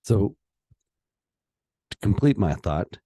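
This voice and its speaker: A man giving a heated solo opinion monologue as a political commentator, pausing and restarting as he gets worked up. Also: fairly low pitch, very animated, dark tone, breathy edge. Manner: impassioned, heated, with pauses and restarts.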